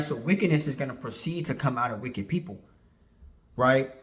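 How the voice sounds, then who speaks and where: A man leading an informal Bible study, reading old-style verses slowly and then explaining them in loose, conversational talk. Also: medium pitch, a bit bright. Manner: reads King James verses slowly, then explains in casual talk with frequent "right?". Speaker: Bible teacher.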